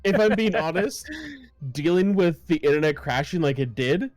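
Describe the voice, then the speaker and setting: A man's voice: on the high side, animated, normal speed, darkish tone, no echo. A man playing in a tabletop game, chatting casually on a voice call, rambling and stumbling over his starts before laughing at his own jokes.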